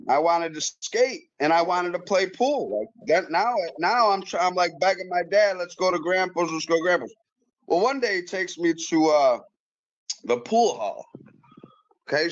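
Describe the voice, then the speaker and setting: A guest pool player with a high-pitched voice spins an animated, profane story during a casual chat, restarting and repeating words as he goes. The recording is somewhat dull and lo-fi.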